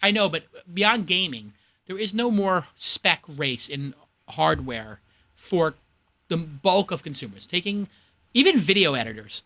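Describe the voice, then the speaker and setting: A man with a Brooklyn accent hosting a studio panel, opinionated and animated. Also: a little high, a little slow. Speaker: host. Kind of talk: panel discussion.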